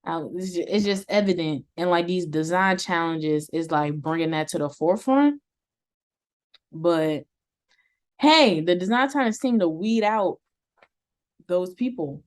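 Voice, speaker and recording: A woman co-hosting a casual TV review chat, animated and slangy, often laughing. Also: on the low side, unhurried, pauses often. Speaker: co-host of a TV review show.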